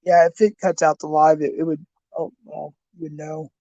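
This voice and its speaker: A man's voice: a little high, little pitch movement, normal speed, vocal fry, dark tone, no room sound, highs cut off. An older man co-hosting a casual livestream, easygoing, greeting chatters by name and chuckling, his voice worn and going. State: losing his voice. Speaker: co-host.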